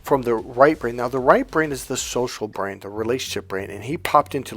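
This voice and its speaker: A man's voice: mid-range voice, a little fast, fairly bright tone. A middle-aged man coaching on dating, telling a story in a blunt, emphatic, profane way. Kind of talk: casual storytelling advice monologue.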